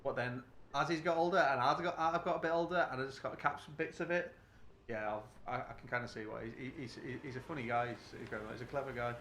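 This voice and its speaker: A man's voice: medium pitch, quick pace, a bit bright. A British man chatting casually while streaming a game, rambling and restarting his sentences. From United Kingdom. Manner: rambling, full of restarts and fillers. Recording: roomy echo, background noise.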